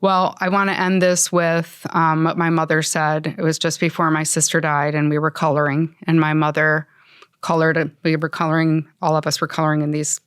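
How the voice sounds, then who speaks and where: A woman hosts a podcast conversation, affirming and encouraging her guest. Her voice is smooth and clear, recorded dry and close. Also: low-pitched, level tone, normal speed, no echo. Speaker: podcast host.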